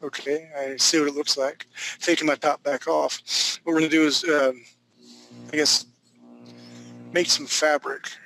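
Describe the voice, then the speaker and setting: Male drawing instructor, gravelly, slightly high, casual running commentary. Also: level tone, unhurried, long pauses, sharp tone, soft background music, rough recording. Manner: loose, joking, thinking aloud while drawing. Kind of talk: live online drawing class. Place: home studio.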